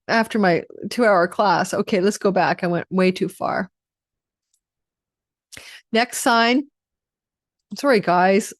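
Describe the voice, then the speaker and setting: A woman's voice: mid-range voice, slow pace, pauses often, dry recording, studio quality. A tired woman astrologer giving a rambling, chatty forecast and running through lists of possibilities. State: tired, yawning.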